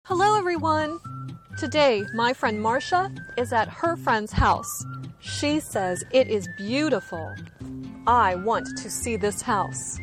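An actress playing a cheerful young woman touring a friend's house, speaking with careful, clear enunciation in a scripted language lesson. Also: a little high, animated, slow. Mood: friendly. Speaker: lesson presenter. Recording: music playing under the voice.

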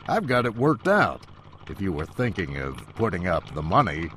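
A man voicing an eager, scheming male cab driver who talks quickly. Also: low-pitched, big pitch swings, fairly bright tone, slight background noise.

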